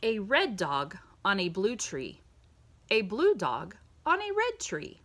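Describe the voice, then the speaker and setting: A woman reading a children's picture book aloud in a sing-song storytime voice, pausing to ask the listener questions. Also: mid-range voice, huge pitch swings, fairly bright tone.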